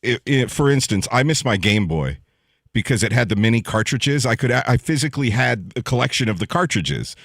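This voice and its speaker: A man's voice: medium pitch, lively intonation, fairly quick, gravelly, fairly bright tone, no echo. A man who is a regular on a casual talk show, chiming in with dry, teasing remarks.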